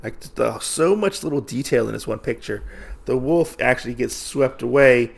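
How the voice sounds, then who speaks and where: Podcast host, male, mid-pitched and gravelly, loose chatty recap with lots of "like" and "uh". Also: moderate pace. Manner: rambling, heavy on fillers and restarts. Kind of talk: casual comic book recap.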